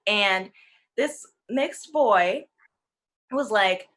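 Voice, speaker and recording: A woman's voice: mid-range voice, drawn-out words. A woman in her twenties on a talk panel, telling a personal story in a casual way and acting out the voices of the people in it. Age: 20s. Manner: animated, acts out quoted voices.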